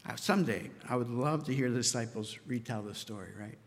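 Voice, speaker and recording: A man preaching a sermon, telling the story with lively asides and acting out the disciples' voices. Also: mid-range voice, fairly quick, in a large hall. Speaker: pastor.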